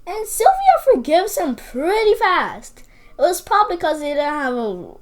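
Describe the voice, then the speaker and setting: A woman with a high voice that swoops all over her range talks through a movie review. She rambles and fills her sentences with "like." She repeats her points and gives blunt opinions. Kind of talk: casual spoken movie review.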